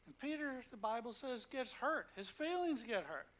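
Emphatic high-voiced male preacher. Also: lively intonation, moderate pace, poor audio. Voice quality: emotional, emphatic. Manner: storytelling with acted quotes, swinging from hushed to loud. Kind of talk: sermon.

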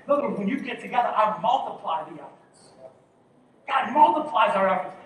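A man's voice: sits high, fast, fairly bright tone. A man preaching a sermon as pastor, exhorting his congregation and calling for them to answer back. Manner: exhorting, calls for congregation responses. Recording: very echoey hall, distant mic, faint noise.

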